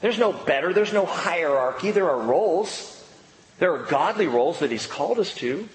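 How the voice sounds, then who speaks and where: A middle-aged male pastor preaching a sermon, swinging from excited high exclamations to low, earnest emphasis. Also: moderate pace, roomy sound, poor audio.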